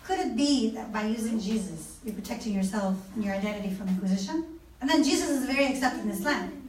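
A woman who does not speak natively gives an animated lecture, asking rhetorical questions and acting out conversations. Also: fairly high pitch, fast. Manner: animated, asks rhetorical questions, acts out dialogue. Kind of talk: lively lecture. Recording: echoey room, mic far off.

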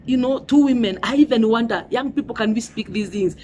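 A woman's voice: a little high, brisk, darkish tone, slight background noise. A middle-aged woman with a Kenyan accent preaching a sermon, emphatic and repetitive, often saying "you know" and "Hallelujah".

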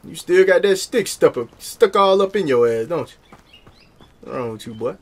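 Joking, slangy young gamer. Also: male voice, a little high, animated, moderate pace, slight background noise. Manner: joking, slangy, talking back at the game. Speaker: gaming YouTuber. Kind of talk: casual gameplay commentary. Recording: game music playing behind.

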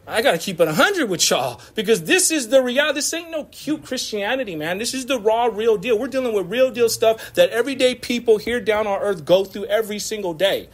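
High-voiced, animated male preacher. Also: fairly quick. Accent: American. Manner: animated, casual preaching with slang and laughter. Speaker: pastor. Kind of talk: sermon. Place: church.

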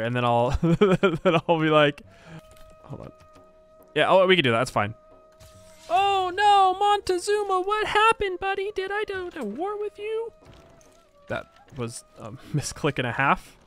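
A man's voice: a little high, fairly bright tone. A young man casually commentating his strategy game as a streamer, joking, laughing often and talking to himself and his chat.

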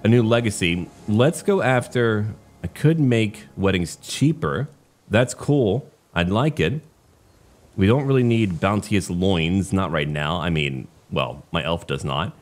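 A man commenting on his strategy game play in a wry, chatty way, now and then trying out quick joking voices. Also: low-pitched, animated. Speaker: game streamer.

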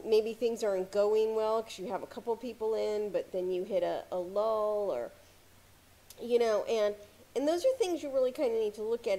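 A woman giving casual motivational advice to camera as a success coach, talking calmly with frequent "you know" fillers. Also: medium pitch. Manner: calm, conversational, many "you know" fillers.

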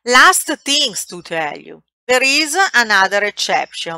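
Slow, bright-voiced Italian woman teaching. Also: medium pitch, big pitch swings, vocal fry, no echo. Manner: slow, patient explaining with drawn-out example words. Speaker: language teacher. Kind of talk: classroom language lesson.

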